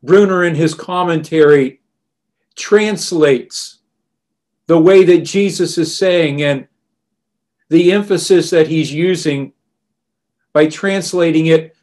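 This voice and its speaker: A male preacher delivers a sermon at an unhurried, deliberate pace. His voice sits a little higher than most men's, and he talks with steady earnestness, going quieter and lower when he quotes scripture. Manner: slow, earnest and deliberate, softening on quoted words.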